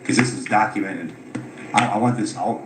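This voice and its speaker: With music in the background, a caller with a lowish voice at normal speed recounts his grievances unscripted, tired, frustrated and swearing often. The room is echoey and the background noise loud.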